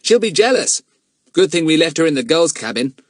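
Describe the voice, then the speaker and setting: A man voicing a practical young boy who speaks in a matter-of-fact, lively way. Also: on the high side, fairly quick, no room sound, studio quality, voice pushed up. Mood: knowing.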